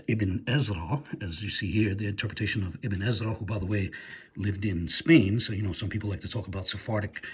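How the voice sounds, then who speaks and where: A man giving a methodical screen-share lecture on biblical grammar, pausing often with fillers and carefully reading out Hebrew phrases. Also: on the low side, husky. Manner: methodical, hesitant with frequent fillers. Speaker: biblical language teacher.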